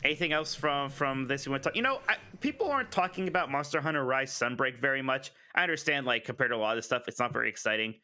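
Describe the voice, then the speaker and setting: A man co-hosting a podcast in casual chat, jokey and animated, often laughing mid-sentence. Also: medium pitch, fast talker, few pauses, smooth. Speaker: podcast co-host.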